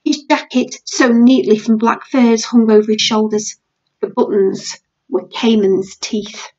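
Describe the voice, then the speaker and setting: A woman's voice: fairly high pitch, fairly even intonation, unhurried, a little mellow, highs cut off. A British woman teacher reading a novel aloud to her class.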